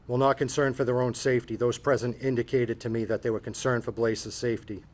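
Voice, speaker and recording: A man chairing a town board meeting, reading findings of fact in a measured, formal and procedural way. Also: mid-range voice, little pitch movement.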